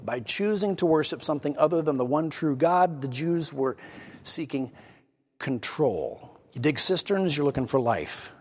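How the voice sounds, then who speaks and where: A man's voice: on the high side, lively intonation, moderate pace, slightly rough, long reverb tail. A man preaching a sermon, explaining scripture in an earnest teaching manner and reading passages aloud with emphasis. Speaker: pastor.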